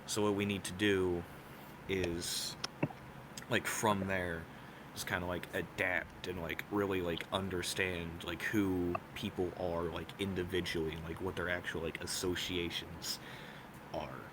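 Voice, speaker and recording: A young man with a lowish voice answers at a debate, wandering through his points and leaning on filler words at every turn. Steady background noise and passing vehicles sit under him. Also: measured pace. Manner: rambling, heavy on filler words. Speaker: debate candidate.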